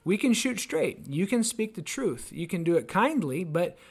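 A man's voice: high-pitched, big pitch swings, moderate pace, creaky, slightly rough. A man co-hosting a devotional podcast, telling personal stories in an earnest, chatty way. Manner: earnest storytelling, acts out quoted voices. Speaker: podcast co-host. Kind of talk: casual devotional chat.

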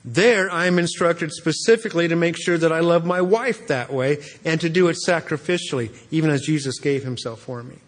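Earnest pastor preaching in a reverberant hall. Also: male voice, on the high side, fairly quick, hardly any pauses. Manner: earnest, repeats words when restarting. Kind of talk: expository sermon.

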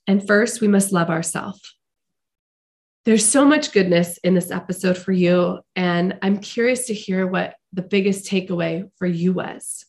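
A middle-aged woman hosting a podcast, speaking slowly and earnestly in a heartfelt, reflective motivational monologue. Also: lowish voice, darkish tone. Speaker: podcast host.

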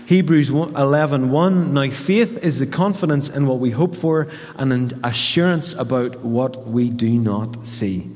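A man's voice: medium pitch, unhurried, few pauses. A man with a Northern Irish accent, a pastor preaching a sermon and telling a story while acting out the voices in it. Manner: storytelling, animated quoting of voices. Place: church hall. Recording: reverberant church hall.

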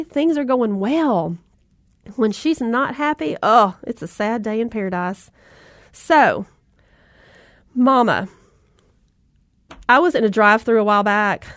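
A middle-aged woman with a slightly high voice talks straight to mothers in a bright, folksy, encouraging way. The sound is close and dry, with no room around it. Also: dry recording. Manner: upbeat, folksy, addresses listeners as "mama" and "y'all". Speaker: motivational speaker for mothers. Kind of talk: motivational talk with anecdotes.

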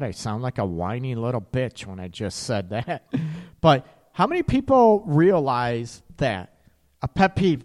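A man hosting a casual livestreamed relationship talk, speaking candidly, laughing at his own slips and tagging sentences with "right?". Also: medium pitch. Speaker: relationship talk show host.

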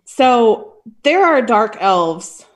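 A woman's voice: a little high, big pitch swings, extremely slow. A woman co-hosting a casual movie podcast, playful and jokey. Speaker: podcast co-host. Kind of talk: casual chat.

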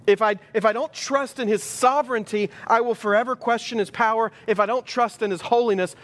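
A man's voice: high voice, slight background noise. A male pastor preaching a sermon in an emphatic style, building his points through rhetorical repetition.

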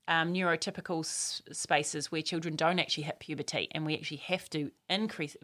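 A woman talks through an idea in an animated, chatty way. She laughs easily and slips into quick acted-out quotes as she explains. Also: low-pitched. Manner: lively, laughs often, acts out quotes. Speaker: parenting expert guest. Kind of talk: explanatory chat.

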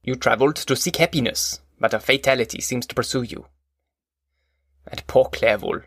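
A man voicing a gentle, grieving old father in an audiobook, speaking in a slow, sorrowful way. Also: mid-range voice, dry recording, studio quality, natural voice. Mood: mournful. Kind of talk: audiobook character voice.

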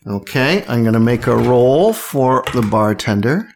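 A man's voice: mid-range voice, expressive, measured pace, vocal fry, a little mellow, a little hiss or hum. A man narrating as game master, rambling with many fillers.

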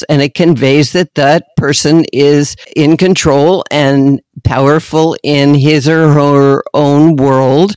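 Slow calm lady explaining stuff, dry close sound, laughs easy. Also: deep voice, no room sound. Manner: measured, explains terms carefully, laughs easily. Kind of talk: casual explanatory chat.

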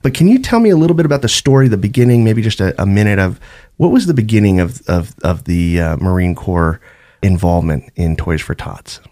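A man's voice: lowish voice, animated, a little fast, dark tone. A man hosting an interview show, asking curious questions with enthusiasm. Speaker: podcast host. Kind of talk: interview talk.

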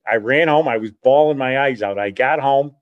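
A middle-aged man recounting a childhood memory in loose, rambling storytelling, often correcting himself as he goes. His voice sits in an ordinary male range, animated and conversational. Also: mid-range voice, normal speed, dull audio. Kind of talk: casual spoken reminiscence.

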